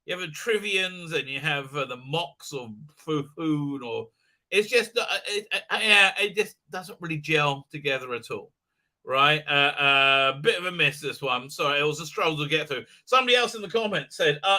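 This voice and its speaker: Middle-aged man, high bright voice, rambling blunt live-stream host. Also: lively intonation, brisk. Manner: rambling, many fillers, jokey and blunt. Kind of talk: casual live-stream commentary.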